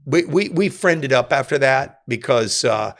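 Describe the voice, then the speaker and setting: A man's voice: medium pitch, expressive, a little slow, a bit bright. A man reflectively telling a personal story in casual conversation, owning his mistakes. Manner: reflective, self-critical storyteller.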